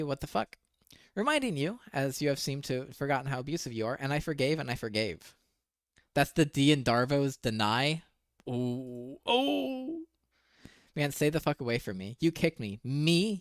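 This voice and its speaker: A male streamer reacting to screenshots, reading messages aloud in a flat mumble and breaking in with incredulous, profane commentary. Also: fairly high pitch, clean tone, no echo, studio quality.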